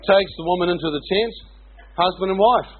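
A man's voice: high voice, fairly quick, a little hiss or hum. Chatty New Zealand man on a tinny line. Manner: chatty, laughs often, keeps saying "you know what I mean". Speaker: speaker giving a personal testimony. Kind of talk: storytelling testimony.

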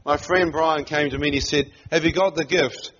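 A middle-aged New Zealand man tells a personal story during a sermon, animated and laughing often as he acts out the voices he quotes. His voice is slightly high and husky at a moderate pace, and the recording is muffled and lo-fi.

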